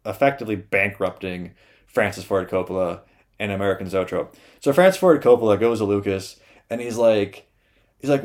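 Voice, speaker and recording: A young adult man hosting a podcast, retelling a story casually in a loose, profane, animated way with lots of "uh". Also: on the low side, brisk.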